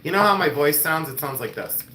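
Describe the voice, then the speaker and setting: A man's voice: fairly high pitch, sing-song, fairly quick, roomy sound, very noisy. A man hosting a live-stream jewelry sale, chatting casually and joking and teasing.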